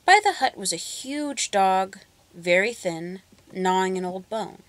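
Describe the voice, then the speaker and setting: Woman, storybook reading, expressive, dry close sound. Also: medium pitch, unhurried, no room sound.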